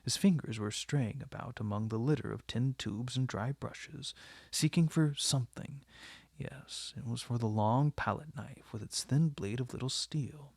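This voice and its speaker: A man narrating a classic novel as an audiobook in a measured, dramatic manner. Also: mid-range voice, creaky, darkish tone, husky, dry recording. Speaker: audiobook reader.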